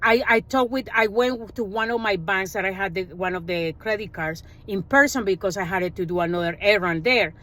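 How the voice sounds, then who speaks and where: A woman speaking English as a second language, her first being Spanish, telling an animated personal finance story in a casual vlog and acting out what others said. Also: mid-range voice, moderate pace, few pauses. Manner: animated storytelling, acts out quoted dialogue, non-native grammar.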